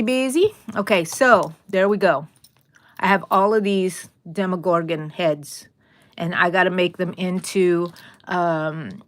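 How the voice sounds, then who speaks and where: A woman's voice: mid-range voice, fairly bright tone, no room sound. Woman, crochet live-stream host, casual playful chat, frequent laughter, dry sound. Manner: chatty and playful, laughs often, greets viewers by name.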